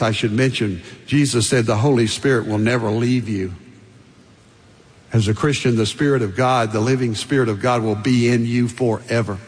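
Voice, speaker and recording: A man's voice: mid-range voice, long reverb tail. An older man preaching a sermon as pastor, emphatic, building through repeated lists and stressed phrases.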